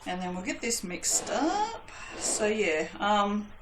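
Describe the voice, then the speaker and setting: A woman's voice: mid-range voice, very animated, slow pace. Woman vlog host, casual rambling crafter, roomy webcam sound with faint hiss. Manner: rambling, self-deprecating, swears lightly. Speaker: soap-making channel host.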